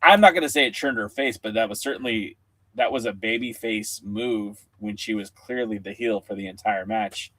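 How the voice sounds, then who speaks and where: A man's voice: on the low side, normal speed, fairly bright tone, no room sound. A man co-hosting a podcast over a video call, talking casually with lots of fillers and restarts. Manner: rambling, many fillers and restarts. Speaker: podcast co-host. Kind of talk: casual chat.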